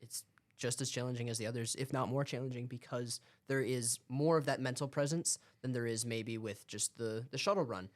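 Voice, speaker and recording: A young man with a mid-range voice talks through his points in a casual podcast chat. He explains at a steady pace and often pauses on fillers as he thinks. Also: medium pitch. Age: young adult. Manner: thoughtful, explaining with frequent fillers.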